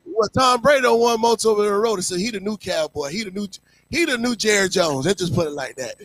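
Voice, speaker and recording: A man in casual podcast chat, bragging loudly about his team. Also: high voice, expressive, fast talker, no echo. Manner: hyped, boastful sports talk.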